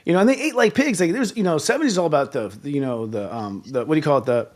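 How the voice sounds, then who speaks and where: A man hosting a live talk show, ranting in an animated, profane way. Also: on the high side, very fast. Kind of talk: casual chat.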